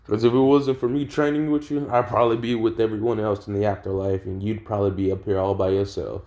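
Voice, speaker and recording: A man's voice: on the low side, flat delivery, quick pace, a little mellow, natural voice. A man voicing a one-armed male veteran fighter, nostalgic and rambling, sighing about being the last one left.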